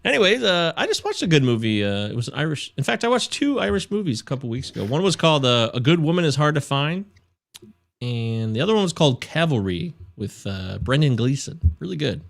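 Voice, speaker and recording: A man hosts a relaxed podcast chat, his pitch rising and falling freely as he jokes about himself. He talks in a loose, rambling way and laughs often. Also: brisk, creaky. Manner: chatty, self-deprecating, laughs often. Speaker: podcast host.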